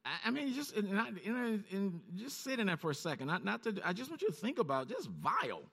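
Animated preacher man. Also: quick pace, gravelly, hardly any pauses, husky. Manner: reads scripture low and steady, then rises sharply in pitch when preaching. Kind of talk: sermon with scripture reading.

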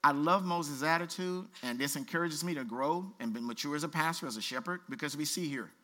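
Man, pastor, sermon, high voice, very bright tone, casual asides between scripture readings. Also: a little fast. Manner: animated preaching, reads scripture aloud with asides and playful voices; colloquial, preacherly exhortation.

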